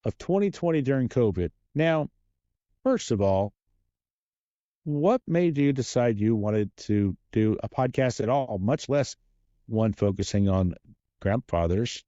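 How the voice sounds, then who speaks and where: Male guest interviewer, jokey and lively, dark tone on a dull lo-fi recording. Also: mid-range voice, a little slow, dry recording. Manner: energetic, joking, playful. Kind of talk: casual podcast interview.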